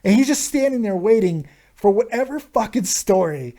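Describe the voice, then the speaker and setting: A man hosting a live stream, telling a crude story in a casual, animated way with constant swearing. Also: high voice, normal speed. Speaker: host of a live viewer Q&A stream.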